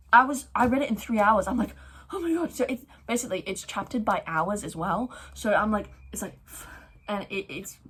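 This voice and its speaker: A young woman chatting excitedly about her month of reading on her book vlog, with lots of fillers. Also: on the high side, husky. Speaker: book vlogger. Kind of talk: casual reading wrap-up chat. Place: at home, neighbour's garden noise outside.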